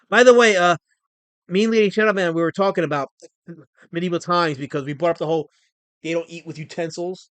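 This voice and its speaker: A man with a high voice hosts a livestream. He talks straight to his chat in a mock-pompous, stammering way. The sound is dry, with no room echo. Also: fairly bright tone. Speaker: livestream host.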